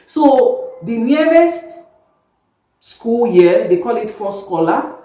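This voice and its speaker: A woman in her thirties, a guest telling stories in casual interview chat, animated and laughing often. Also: a little high, slow. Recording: very echoey room, distant mic.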